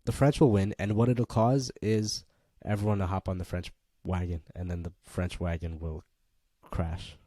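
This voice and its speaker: A young man co-hosting a casual sports podcast, playful, given to swearing and bursts of excitement. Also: low-pitched, moderate pace, hardly any pauses, no room sound, studio quality. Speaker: podcast co-host. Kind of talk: casual chat.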